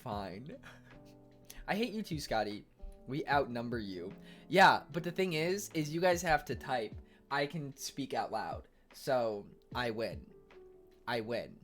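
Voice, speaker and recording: Animated sarcastic male streamer. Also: medium pitch, takes it slowly, faint music behind. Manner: sarcastic, swears, flares into loud exasperation. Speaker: Twitch streamer reading chat. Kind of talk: casual livestream chat with viewers.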